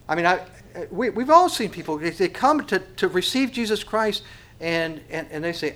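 A man's voice: high voice, big pitch swings, moderate pace, sharp tone. A man preaching a sermon as pastor. He asks the congregation rhetorical questions and often stumbles over repeated words.

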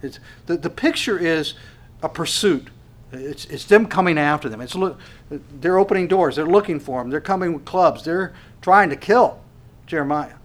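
Male pastor, sermon delivery, earnest and emphatic, slightly high voice, repeats and restarts phrases. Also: expressive, normal speed. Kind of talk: expository sermon.

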